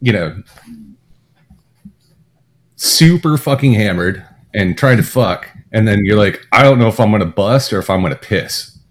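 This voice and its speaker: Low-voiced crude deadpan male joker. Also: moderate pace, long pauses. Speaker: podcast co-host. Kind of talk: casual comedic podcast banter.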